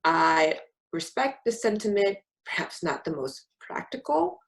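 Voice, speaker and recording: A woman's voice: mid-range voice, sing-song, unhurried, rough recording. A young woman from California, talking candidly on a casual podcast with a sarcastic edge. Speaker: podcast co-host. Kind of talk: casual conversation.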